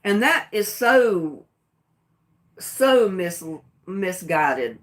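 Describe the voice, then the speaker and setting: A woman's voice: mid-range voice, big pitch swings, very slow. A middle-aged woman with a Southern US accent, talking plainly and defiantly on her own livestream. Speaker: livestream host. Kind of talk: casual livestream talk.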